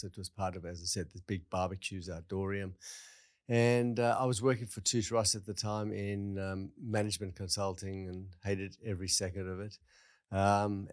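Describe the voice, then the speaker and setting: A man in his sixties with a South African accent, a guest speaking in a measured way and pausing often to find his words in a casual podcast interview. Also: low voice, dry recording, clean studio sound. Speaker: guest, retail businessman.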